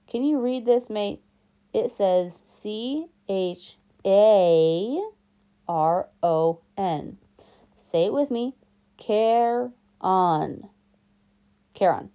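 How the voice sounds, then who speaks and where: A woman voicing a smooth, greedy male ferryman of the dead, with a put-on British-like accent, drawling sweetly and coldly. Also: fairly high pitch, unhurried, lightly acted. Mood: smug. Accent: put-on British-like accent, as a second language. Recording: dull lo-fi recording.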